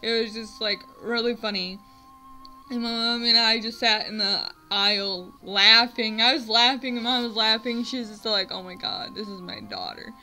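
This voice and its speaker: Telling her vlog viewers a funny personal story, this young American woman in her twenties rambles, laughs at herself and fills the talk with "like." Her voice is a little high, pushed and bright, at normal speed with fairly even intonation. Faint music sits behind a low-quality recording.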